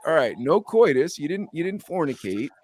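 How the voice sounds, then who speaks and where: A young adult man hosting a podcast, telling a story with animated quoted dialogue in casual chat. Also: fairly high pitch, moderate pace, no room sound. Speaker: podcast host.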